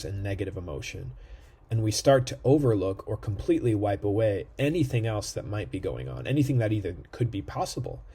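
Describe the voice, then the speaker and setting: Man lecturing to camera, dark slightly husky tone, lots of "right?" check-ins. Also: fairly low pitch. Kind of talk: recorded online lecture. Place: indoor room near a street.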